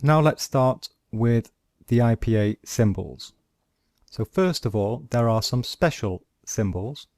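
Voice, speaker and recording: Slow, patient male teacher. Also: mid-range voice, lively intonation, a little mellow, dry recording, clean studio sound. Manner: patient, models sounds and words slowly. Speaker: English pronunciation teacher. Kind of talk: slow, deliberate lesson explaining phonetic symbols.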